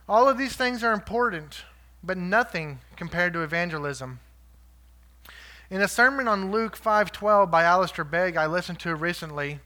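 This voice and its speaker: A man delivering a sermon in a high, bright voice. He is earnest but conversational, and he checks in with his listeners through quick rhetorical asides. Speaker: lay preacher.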